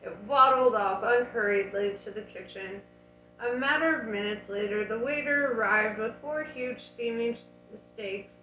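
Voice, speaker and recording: A woman reading a novel aloud in a casual, unhurried way, dropping in her own asides. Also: on the high side, bright, forceful tone, echoey room, dull audio, soft background music. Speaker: audiobook reader.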